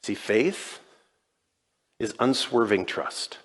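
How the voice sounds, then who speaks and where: In a large church full of long reverb, a male pastor delivers a conversational sermon, acting out scenes and quoted dialogue. He speaks slowly in a lowish, slightly bright voice.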